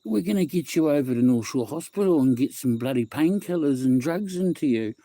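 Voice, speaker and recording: A man voicing a brisk male hospital doctor, matter-of-fact and a little higher than his own voice. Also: animated, warm tone, dry recording.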